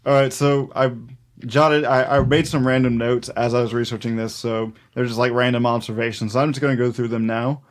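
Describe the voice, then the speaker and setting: A man co-hosts a folklore podcast in relaxed, unscripted chat. His pitch sits in an ordinary middle range, and he rambles through his notes with frequent fillers and easy laughs. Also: brisk. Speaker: podcast co-host.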